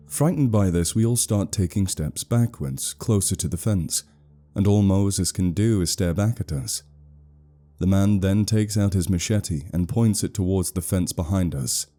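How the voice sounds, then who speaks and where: A man narrating a scripted horror story in a steady, measured way. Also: sits low.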